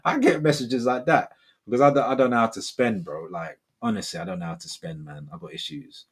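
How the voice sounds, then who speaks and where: This livestream host, a man in his forties, talks a little fast in a medium-pitched, slightly rough voice. He rambles casually, reading viewer comments aloud and dropping "man" and "bro" often.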